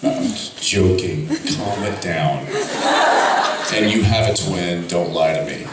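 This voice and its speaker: A playful man joking with fans from a convention stage, with a lowish, unhurried voice. He sounds far from the mic, his voice booming around a huge echoey hall over loud noise. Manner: teasing, laughing, playful. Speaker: convention panel guest. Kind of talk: joking panel banter.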